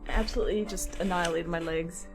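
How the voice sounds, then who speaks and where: A woman's voice: on the low side, steady tone, fast talker, over music. A woman chatting casually on a livestream while she works on crafts, rambling and laughing at herself. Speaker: streamer and craft artist.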